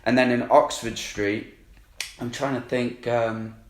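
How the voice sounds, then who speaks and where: A man's voice: medium pitch, steady tone, unhurried. Candid, swearing man in a roomy space. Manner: candid, rambling, heavy swearing. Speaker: coaching client. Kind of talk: casual recounting of an experience. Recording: roomy echo.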